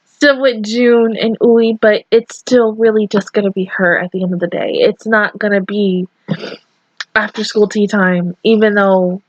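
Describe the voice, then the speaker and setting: A woman's voice: medium pitch, fairly even intonation, unhurried, no room sound, dull audio. A woman reacting to an anime episode on her channel, crying and swearing as she gushes about how happy she is. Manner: tearful, swearing, gushing. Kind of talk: emotional reaction commentary.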